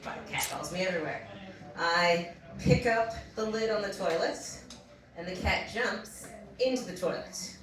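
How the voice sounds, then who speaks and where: A young woman telling a funny personal story on a comedy stage. She talks in an animated way, laughs often and acts out the voices in her story. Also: lowish voice, moderate pace. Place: small comedy venue. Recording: roomy distant mic with audience. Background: audience laughing.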